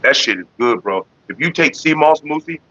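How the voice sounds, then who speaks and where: Bright-voiced man telling profane stories. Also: on the high side, fairly quick, no echo, lo-fi sound. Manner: profane, animated storyteller who also chats with viewers. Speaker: livestream host. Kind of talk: casual storytelling on a livestream.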